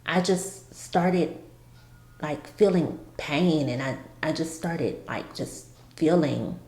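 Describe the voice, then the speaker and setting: Woman vlogger, slow and halting storyteller, lowish voice, echoey room. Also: darkish tone. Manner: halting, with many restarts. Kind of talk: personal storytelling. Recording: roomy echo.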